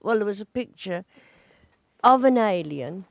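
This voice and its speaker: A woman's voice: mid-range voice, expressive, a little slow, gravelly. A woman chatting casually as a co-host, hesitant and plain-spoken. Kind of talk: casual chat.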